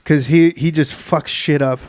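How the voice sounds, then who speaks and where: A man's voice: fairly high pitch, fairly even intonation, measured pace, no room sound, clean studio sound. A man from Hawaii hosting a podcast, chatting casually and rambling with many restarts. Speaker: podcast host.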